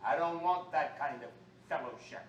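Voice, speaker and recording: Preacher, male, high voice, fiery call-and-response sermon, recorded far off in an echoey room with faint noise. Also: normal speed, dull audio. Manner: preaching with call-and-response, swinging from low talk to shouting.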